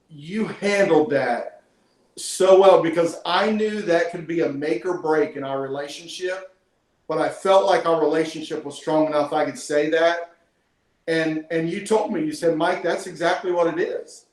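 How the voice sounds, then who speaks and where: Hosting a team call, a man with a slightly high voice conducts a heartfelt, conversational interview, speaking with emotion and earnestness as he praises his guest. The call audio is low quality and sounds like an echoey room.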